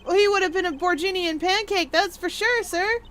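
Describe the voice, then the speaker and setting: Clumsy, eager male detective in a game, put on by a woman, loud, earnest, high and bright. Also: a little fast, a little hiss or hum. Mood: flustered, eager. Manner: loud, eager, flustered, calls people pal and sir.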